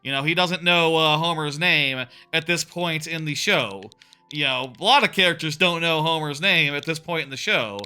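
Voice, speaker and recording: A man's voice: on the high side, normal speed, bright, forceful tone, clear, resonant tone, faint music behind. A man in his thirties chatting casually while live-streaming a game, rambling with many fillers and restarts. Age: 30s.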